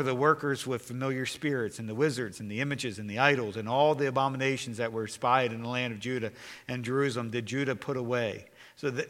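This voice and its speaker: A man preaching a sermon as pastor, building to loud emphatic bursts and dropping back to a quiet tone. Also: mid-range voice, long reverb tail.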